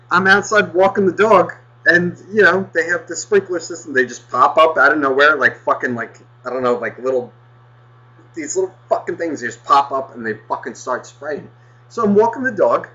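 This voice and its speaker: A man's voice: fairly high pitch, animated, moderate pace, pushed and bright, muffled recording. A man telling a rambling story in casual chat, swearing constantly as he goes.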